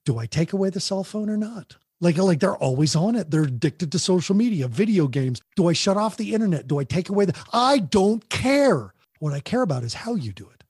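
Animated man with a husky voice. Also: high voice, fairly quick, few pauses, dry recording, studio quality. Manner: animated, acts out parent voices, repeats words. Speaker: parenting podcast host. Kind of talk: conversational podcast talk.

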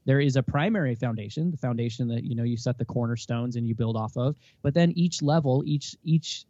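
A man's voice: medium pitch, brisk, no room sound, lo-fi sound. A man in his thirties, a guest in a casual interview, talking earnestly and acting out the dialogue he recounts. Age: 30s. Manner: earnest, animated, acts out quoted dialogue. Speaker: podcast guest.

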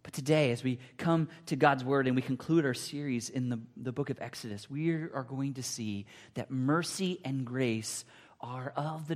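A male pastor preaching a sermon, telling a story dramatically, swinging between loud outbursts and hushed passages. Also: medium pitch. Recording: long hall reverb.

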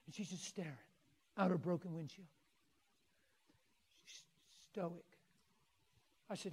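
A male preacher telling a story in a sermon, swinging from soft coaxing to loud exclaiming. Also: high voice, fairly even intonation, normal speed, pauses often, husky.

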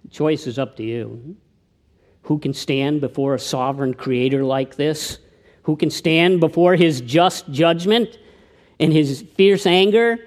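A man preaching a sermon, who tells anecdotes and often drops to a hushed tone for his appeals. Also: a little high. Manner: tells anecdotes, with slips and restarts. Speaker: pastor.

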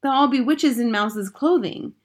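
A woman voicing an eager young boy who has been turned into a mouse, excitedly asking questions in a storybook reading. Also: a little high, moderate pace, pitched above the performer's own voice, natural voice.

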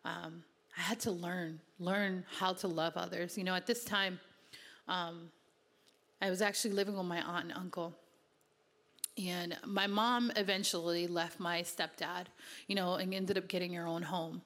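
A woman's voice: lowish voice, fairly even intonation, normal speed, a bit bright, big-room sound. A woman from Connecticut giving an earnest, conversational personal testimony in a sermon, with many casual fillers. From Connecticut, USA.

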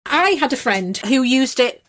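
A woman's voice: high voice, expressive, a little slow, fairly bright tone. A woman co-hosting a casual chat, telling frank stories and giggling often. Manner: chatty, giggly, frank storytelling. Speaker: podcast co-host.

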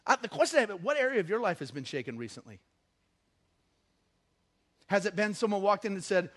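A man's voice: sits high, big pitch swings, a little fast, long pauses, fairly bright tone. A middle-aged man giving a conversational sermon as a pastor, joking at times and rising into emphatic bursts.

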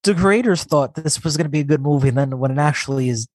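A man's voice: fairly high pitch, darkish tone, no echo. A man co-hosting a podcast in casual chat, teasing and scolding his co-host. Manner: teasing, scolding, quick to push back.

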